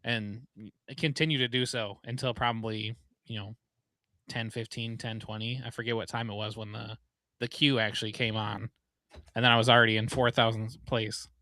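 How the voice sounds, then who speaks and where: A man's voice: on the low side, flat delivery, moderate pace, sharp tone, dry recording. A man co-hosting a live podcast, trading teasing jokes in casual banter. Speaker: podcast co-host. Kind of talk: casual live-stream chat.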